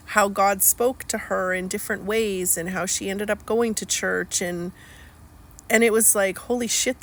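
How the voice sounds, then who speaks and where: Woman talking slowly and candidly to camera. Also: medium pitch, a bit bright. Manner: candid, rambling, slow and searching. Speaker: healing coach. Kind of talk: personal video monologue.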